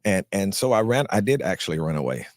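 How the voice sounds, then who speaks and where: Fast-talking animated male storyteller. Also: deep voice, dry recording, clean studio sound. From North Carolina. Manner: animated storyteller who acts out quoted people; repeats words as he restarts. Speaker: actor guest. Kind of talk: storytelling in a live interview.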